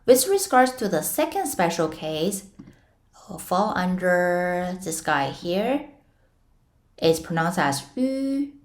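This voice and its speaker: A young woman with a slightly low voice gives a casual online Mandarin lesson at an unhurried pace. She explains patiently, step by step, with playful comparisons. She sometimes models a tone with a high, drawn-out syllable. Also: sing-song. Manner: models tones with sudden high sung-out syllables. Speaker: Mandarin teacher.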